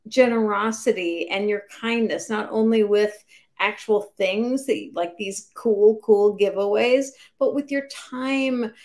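A woman speaks on a book club live stream in an earnest, gushing manner. Her voice sits at an ordinary middle pitch, and her talk is casual and heartfelt. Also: slow pace, darkish tone.

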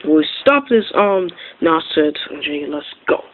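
A home performer voicing a stern male superhero toy, speaking in a low, curt, commanding way, recorded with tinny lo-fi sound. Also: big pitch swings, measured pace. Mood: scolding. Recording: tinny lo-fi phone-like sound with faint hiss.

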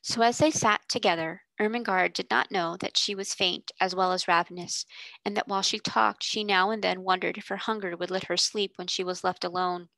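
A woman reading a children's novel aloud, steady and gentle. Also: medium pitch, fairly quick, vocal fry, no room sound, low-quality recording. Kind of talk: audiobook read-aloud narration.

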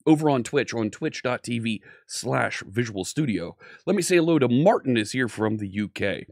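A man's voice: medium pitch, expressive, normal speed, darkish tone, dry recording, clean studio sound. An upbeat man hosting a live coding stream, chatting casually and greeting viewers by name.

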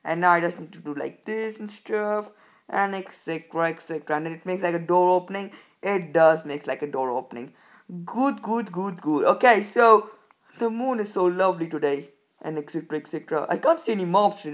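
A woman hosting a gameplay video, giving excitable commentary full of startled exclamations and rambling repeated fillers. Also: lowish voice, brisk.

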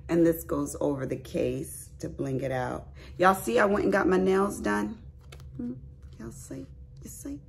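A woman's voice: on the low side, fairly even intonation, unhurried, vocal fry. A middle-aged woman, chatting casually to viewers in a craft haul vlog at home, folksy and chatty. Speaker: crafting vlogger. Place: at home, bedroom.

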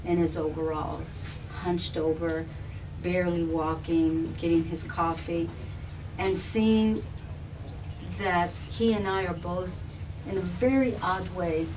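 A woman telling a personal story on a live panel, animated and often laughing, with restarts and repetitions. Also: fairly low pitch, slow pace. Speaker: filmmaker and activist guest. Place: live event room with an audience. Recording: distant mic with background noise.

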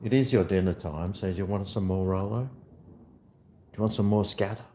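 A man chatting casually on a home vlog, talking to his dog in a high sing-song voice at times. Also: normal speed, echoey room, noisy background. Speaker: vlogger. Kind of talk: casual chat to camera. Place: at home near a garage.

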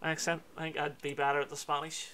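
A man's voice: on the high side, monotone, pushed and bright, a little hiss or hum. Chatty Belfast streamer man. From Northern Ireland. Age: young adult. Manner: chatty, fast and laughing. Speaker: gaming streamer. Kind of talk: casual livestream commentary. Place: home room.

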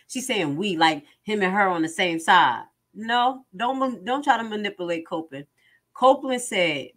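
A woman's voice: mid-range voice, expressive, normal speed, a bit bright. A woman commentator reading out court transcripts and reacting to them with emphatic rhetorical questions. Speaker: online commentator.

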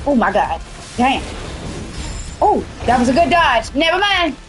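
A tired woman streaming a video game, with a husky voice, reacting crudely and excitedly as she plays. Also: high voice, a little slow, poor audio. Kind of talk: casual gameplay commentary. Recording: music playing loudly behind.

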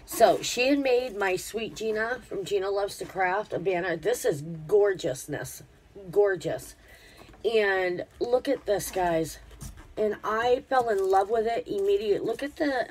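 A woman's voice: medium pitch, a little slow, a little mellow, slight background noise. A woman vlogger chatting casually to her viewers while unboxing a craft gift, gushing with effusive praise. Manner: talks to viewers directly.

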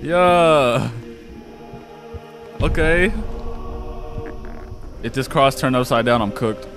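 A young man talks through a horror game slowly and unhurriedly, dropping curses and panicky reactions. Faint music plays behind him. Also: medium pitch. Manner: profane, jumpy, panicky reactions. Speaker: gaming YouTuber.

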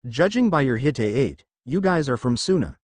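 A man's voice: mid-range voice, sing-song, normal speed, a little mellow, no room sound. A man voicing a brash, blunt teenage boy ninja in a fan story reading who grumbles and teases.

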